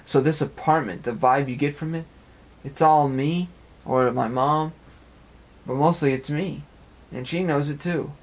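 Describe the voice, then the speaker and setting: Speaking at a measured pace in a voice on the high side, a young amateur web radio speaker gives a long, earnest, wandering monologue from his apartment, repeating phrases as he goes.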